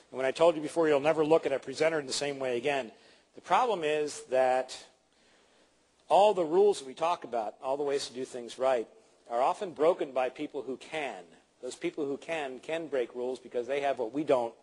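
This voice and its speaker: A man's voice: fairly high pitch, husky. A middle-aged man teaching presentation skills in a live seminar, playfully acting out examples for his audience. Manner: animated, playful, acts out examples.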